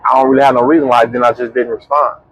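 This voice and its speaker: A young man, chatting casually as a podcast co-host and telling a story with lively, slangy quoting. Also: medium pitch, racing, rough recording. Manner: animated, slangy storyteller who acts out quotes.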